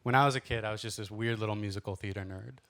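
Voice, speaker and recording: A man's voice: lowish voice, steady tone, racing, fairly bright tone. A man in his thirties from Los Angeles, a stand-up comedian telling self-deprecating stories in a theatrical way on a club stage. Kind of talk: stand-up storytelling. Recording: noisy live club recording.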